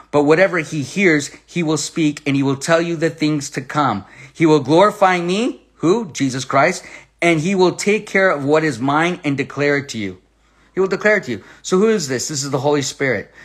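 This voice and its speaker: A man giving sermon-style Bible teaching, reading scripture aloud with slow stress and firing rhetorical questions at his listeners. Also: on the high side.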